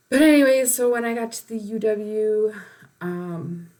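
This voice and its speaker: A woman's voice: medium pitch, expressive, slow, pauses often, a little mellow. A woman telling a personal spiritual story in a rambling way, with many fillers and short laughs.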